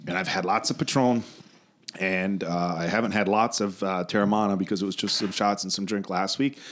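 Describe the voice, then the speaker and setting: A man's voice: low voice, steady tone, a little fast, fairly bright tone. A man hosting a podcast in casual chat, rambling and swearing, often laughing as he talks. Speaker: podcast host.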